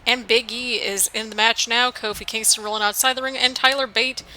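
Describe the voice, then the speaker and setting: Bright, chatty American woman gamer. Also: fairly high pitch, brisk, slight background noise, rough recording. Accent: mixed American, northern, midwestern and southern. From United States. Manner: chatty, rambling play-by-play with excited bursts. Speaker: gaming channel host. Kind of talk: casual video game commentary.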